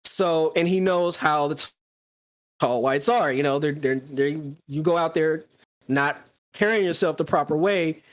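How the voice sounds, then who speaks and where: A podcast co-host talking casually, excitedly retelling a story and acting out the quoted lines. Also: male voice, on the high side, unhurried. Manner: excited, acts out quoted dialogue.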